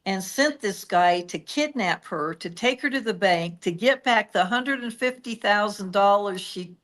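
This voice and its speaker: A woman co-hosting a true-crime podcast, retelling the case in steady, detailed storytelling. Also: mid-range voice, a little slow.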